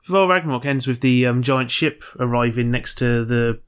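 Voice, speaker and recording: A man's voice: mid-range voice, moderate pace, fairly bright tone, clean tone. A man co-hosting a casual podcast. He speaks bluntly, corrects his partner, and swears offhandedly. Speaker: podcast co-host. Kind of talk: casual chat.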